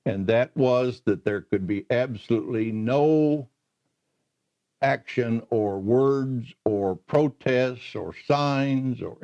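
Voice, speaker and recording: An older man slowly recalling his career in an oral history interview, pausing often with "uh". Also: mid-range voice, a little mellow. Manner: slow, halting storyteller with many "uh" pauses. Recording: muffled lo-fi recording.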